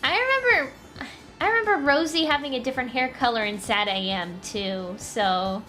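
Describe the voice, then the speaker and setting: A woman streamer reading comics aloud in a casual live stream, chatty and playful with quick asides. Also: high-pitched, expressive, bright, forceful tone, faint music behind.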